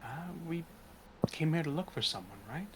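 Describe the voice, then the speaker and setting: A man's voice: on the high side, big pitch swings, moderate pace, slight background noise. A man playing in a tabletop game, speaking hesitantly with frequent uhs. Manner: hesitant, starts with uh. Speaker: player. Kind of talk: casual chat in a tabletop game.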